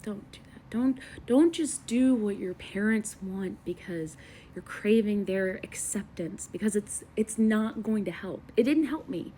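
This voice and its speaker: Slow, earnest woman in her thirties. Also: medium pitch, warm tone, a little hiss or hum. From United States. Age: 30s. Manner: earnest, emotional, slow and halting. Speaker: vlogger. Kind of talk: personal venting to camera.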